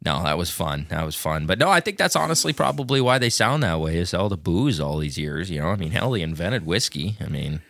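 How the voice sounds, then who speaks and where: Man, casual chat, lively bright voice, rambling and profane, dry room. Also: low-pitched, fairly quick, vocal fry, few pauses, no room sound.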